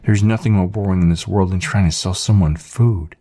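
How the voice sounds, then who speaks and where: Low voiced guy ranting away on his channel, sarcastic, dry close sound. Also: a little fast, warm tone, no echo. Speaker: channel host. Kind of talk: casual vlog monologue.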